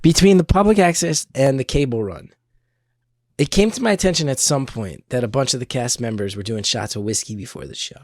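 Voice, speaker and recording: A man's voice: mid-range voice, lively intonation, fairly quick, no echo, clean studio sound. Playful male comedian guest, chatting. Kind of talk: casual chat.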